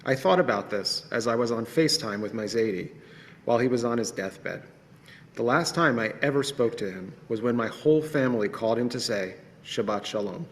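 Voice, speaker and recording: A man's voice: medium pitch, fairly quick. A young man reading a personal remembrance at a ceremony, earnest and reflective. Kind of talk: personal testimony read aloud. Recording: reverberant hall.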